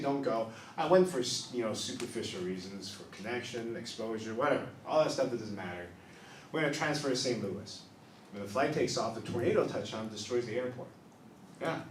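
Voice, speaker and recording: On a small improv club stage before a live audience, a man whose first language isn't English does stand-up, telling stories and acting out characters in quick bursts. His mid-range voice sounds reverberant and distant, with slight background noise.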